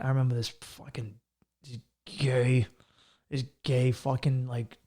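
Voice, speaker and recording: A man's voice: fairly high pitch, a little mellow. Blunt, profane male podcast host. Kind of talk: casual advice monologue.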